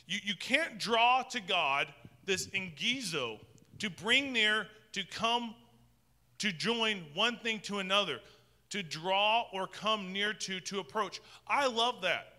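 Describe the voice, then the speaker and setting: A man's voice: high voice, sharp tone, in a large hall. A man preaching a sermon as pastor in a conversational style, often restarting his sentences. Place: church sanctuary with long reverb.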